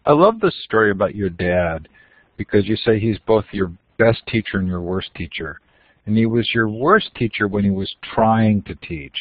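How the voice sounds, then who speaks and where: A man hosting an interview, asking measured, thoughtful questions. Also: fairly low pitch, expressive, dry recording. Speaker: host. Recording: tinny phone line.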